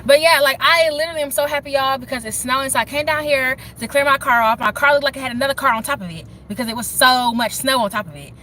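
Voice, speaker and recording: A young woman rambles happily to her livestream chat in a bright, forceful, slightly high voice. She is standing outside in the snow and talking into her phone while faint outdoor noise hums behind her. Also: fast, few pauses. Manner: excited, rambling, talks straight to chat. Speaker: livestream host.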